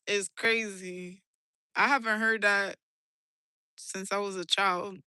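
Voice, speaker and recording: A woman's voice: mid-range voice, steady tone, takes it slowly, long pauses, bright, forceful tone, smooth, no echo. A young woman with a New York accent, chatting casually on a livestream, slangy and laughing often as she answers her chat. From New York City. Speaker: live streamer reading chat.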